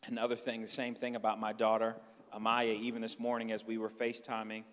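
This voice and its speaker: A man in his thirties preaching a sermon, telling family stories with lively swings from loud to hushed. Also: lowish voice, fast. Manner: animated storytelling, dropping to a hush for quiet lines. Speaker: pastor. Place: church hall. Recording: long hall reverb.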